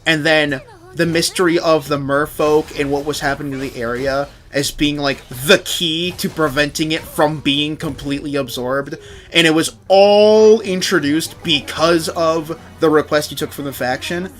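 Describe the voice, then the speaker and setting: A young man streaming a game, rambling casually and swearing constantly, slipping into quick put-on voices for the game's characters. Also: a little high, fairly bright tone. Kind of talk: casual livestream game commentary.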